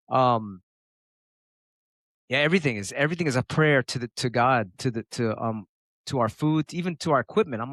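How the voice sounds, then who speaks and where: An interview guest, a middle-aged American turntablist, has a mid-range voice recorded with no echo. He speaks casually and animatedly, swearing and performing the quotes he tells.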